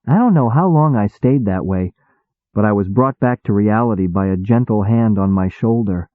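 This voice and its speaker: A man reading first-person audiobook narration in a measured, wry manner. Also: fairly low pitch, dry recording. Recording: tinny phone-like dry sound.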